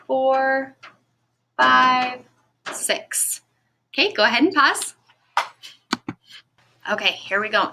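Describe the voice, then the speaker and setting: A woman teaching a recorded phonics lesson to children, speaking clearly and encouragingly and stretching out the sounds of words. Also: high voice, pushed and bright. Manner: slow, clear, encouraging classroom delivery.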